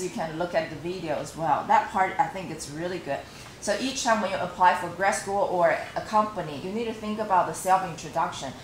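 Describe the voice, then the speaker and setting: Lower-voiced woman coaching students in an echoey room. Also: slight background noise. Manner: coaching, frequent "okay", demonstrates phrases. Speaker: teacher giving interview feedback. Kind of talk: classroom feedback to students. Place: classroom. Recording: echoey classroom, faint ambience.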